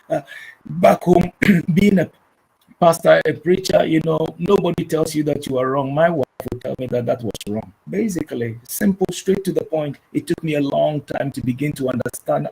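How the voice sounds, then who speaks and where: A man's voice: a little high, moderate pace, creaky, slightly rough, low-quality recording. A middle-aged man from Ghana, a pastor, talking earnestly on a family talk show and jumping into livelier voices when he quotes others. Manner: earnest, preacherly, animated when quoting others.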